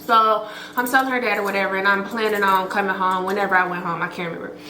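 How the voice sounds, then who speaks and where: Bright-voiced woman telling a storytime. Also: medium pitch, quick pace, reverberant, slight background noise, poor audio. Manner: chatty, slangy and profane, with many fillers; expressive, acts out quotes. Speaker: storytime vlogger. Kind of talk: casual storytelling to viewers.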